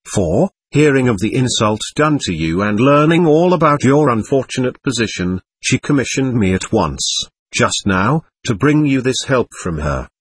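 A man voicing an earnest, gentle young man who pleads kindly and insistently. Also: mid-range voice, breathy edge, dry recording.

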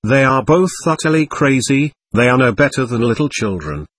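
A man reading the part of a sly, servile manservant who talks deliberately and with affected politeness. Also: mid-range voice, lively intonation, a bit bright, husky, no echo.

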